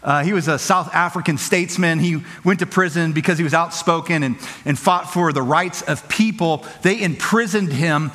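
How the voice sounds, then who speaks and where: A man preaching as a pastor, conversational and playful, quickly acting out little quoted voices. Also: a little high, fairly bright tone, in a large hall. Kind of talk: sermon. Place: church auditorium.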